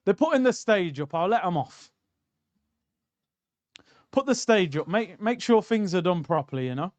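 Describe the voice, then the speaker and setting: A man's voice: high voice, expressive, normal speed, dry recording. A young man, hosting a casual football watchalong stream, bantering and reading out chat messages.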